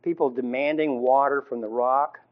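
A male Bible teacher preaches in a loose, conversational way, stopping and restarting with plenty of fillers and frequent throat clearing. His voice sits in an ordinary middle pitch. The recording sounds muffled and lo-fi. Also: fairly even intonation. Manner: informal, halting, many fillers and restarts. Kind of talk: conversational sermon. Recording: dull lo-fi recording.

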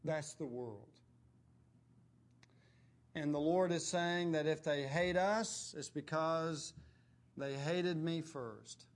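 Slow, emphatic male preacher. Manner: emphatic, dropping low and quiet on key words; clears throat often. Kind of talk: sermon.

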